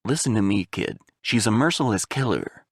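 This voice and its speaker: A hardened, gruff male soldier, as a reader puts him on for an audiobook, with a gravelly, low voice. He speaks bluntly, his tone swinging up and down widely, and the sound is dry and close. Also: expressive, normal speed, no room sound. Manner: blunt, terse, snarling. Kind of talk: audiobook character voice.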